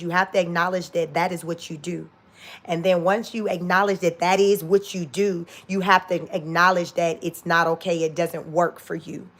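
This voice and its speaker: A woman's voice: fairly low pitch, a bit bright. A woman in her forties hosting a casual livestream, blunt and profane, often breaking into laughter. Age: 40s. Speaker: livestream host.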